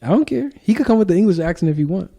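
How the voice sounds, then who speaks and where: A man talking casually and emphatically as a podcast guest, full of slang and lively stories. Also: high voice, rapid-fire, vocal fry. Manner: animated, emphatic storytelling with slang. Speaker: podcast guest and show founder.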